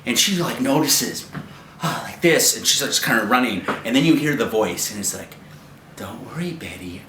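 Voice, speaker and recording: Profane male movie reviewer, rambling and animated, recorded in a noisy, echoey house. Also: sits high. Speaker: movie reviewer, show host. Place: a friend's house at night. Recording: roomy home recording with noise.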